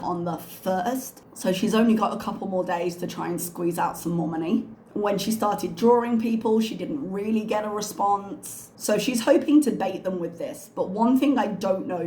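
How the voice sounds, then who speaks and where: A woman's voice: medium pitch, a little mellow, a little hiss or hum. A woman hosting a reaction video, giving sarcastic, critical commentary on a clip. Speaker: reaction channel host. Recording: echoey room.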